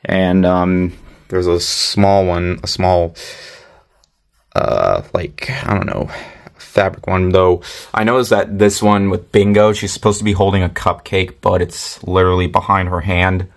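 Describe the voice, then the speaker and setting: A man's voice: sits low, a little slow, creaky. A man chatting casually in a monthly vlog, rambling with lots of fillers and restarts. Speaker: vlogger.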